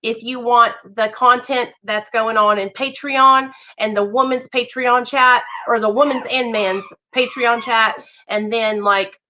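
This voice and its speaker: A young woman chatting warmly with viewers on a livestream, greeting them by name. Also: on the high side, steady tone, a little slow, hardly any pauses, slight background noise, rough recording. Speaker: livestream host. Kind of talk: casual livestream chat.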